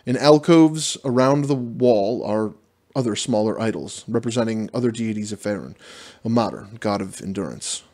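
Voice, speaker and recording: A man's voice: on the low side, moderate pace, darkish tone. A man reading a solo fantasy gamebook aloud as dungeon master, breaking off for casual, self-deprecating asides and stumbling over the fantasy names.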